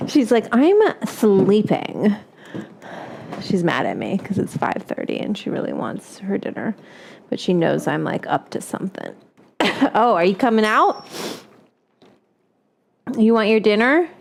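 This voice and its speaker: A woman's voice: medium pitch, very animated, normal speed, vocal fry, long pauses, a little hiss or hum. A woman hosting a home cooking show in casual chat. She swears freely, keeps breaking into coughing fits, and baby-talks to her dog in her kitchen.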